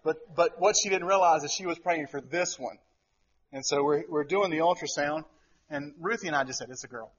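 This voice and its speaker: A middle-aged man preaching a sermon as pastor, telling a family story with animated, acted-out quotes. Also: a little high, moderate pace, highs cut off.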